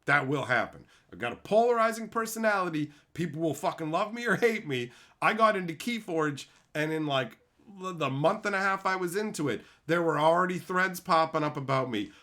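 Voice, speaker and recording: A man telling a profane, animated story in a casual rant on his video channel, laughing often. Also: on the high side, a little fast. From Canada. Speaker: YouTube host.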